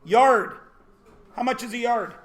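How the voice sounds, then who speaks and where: A man's voice: extremely high pitch, measured pace, a bit bright. A man teaching a classroom lesson, joking and quizzing his students as he goes. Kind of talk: classroom lecture.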